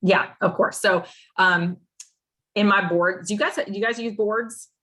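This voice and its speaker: A young woman leading her sales team over a video call. She talks in an animated, rambling way and says "like" often. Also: medium pitch, a little slow. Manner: animated and rambling, heavy use of "like". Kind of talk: casual coaching talk.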